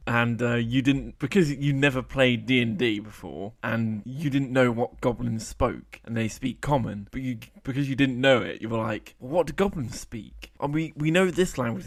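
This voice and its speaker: A man hosting a podcast who chats casually and rambles through stories about running a game session, with many restarts. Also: mid-range voice. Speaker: podcast host and game master. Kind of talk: casual chat.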